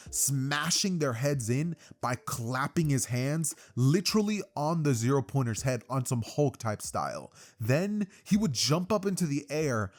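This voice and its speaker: Speaking in a mid-range, slightly mellow voice, this YouTube storyteller is a young man casually reading out fan fiction for his channel. He wanders along loosely, leaning heavily on filler words.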